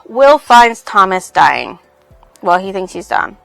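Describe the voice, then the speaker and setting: A woman's voice: medium pitch, sing-song, slow, creaky, a bit bright, soft background music. A woman reviewing a book on her channel, casually retelling its plot in a rambling way full of fillers.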